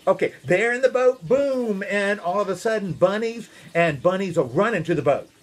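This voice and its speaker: Animated minister telling a children's story. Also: male voice, sits high, moderate pace. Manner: playful and animated, asks the listeners questions.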